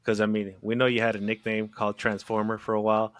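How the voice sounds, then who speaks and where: Low-voiced man asking loose questions. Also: completely flat delivery, quick pace, no echo. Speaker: podcast co-host. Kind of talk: casual chat.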